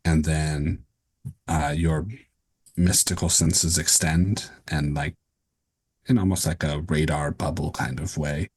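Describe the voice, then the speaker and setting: Deep husky game master. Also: male voice, steady tone, slow pace, a little mellow. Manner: explains rules and describes scenes with many fillers. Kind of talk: running a tabletop game.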